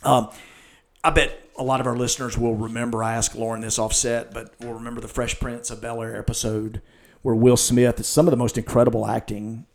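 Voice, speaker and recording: A man's voice: mid-range voice, little pitch movement, brisk, vocal fry. A man hosting a church podcast conversation, talking earnestly and retelling scenes with quoted lines.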